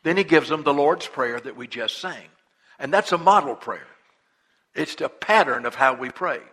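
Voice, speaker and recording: Pastor type, male, folksy storyteller, slightly high voice with a husky edge. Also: lively intonation, moderate pace, fairly bright tone. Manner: folksy storytelling, retelling a parable in everyday talk; repeats and restarts words. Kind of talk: sermon.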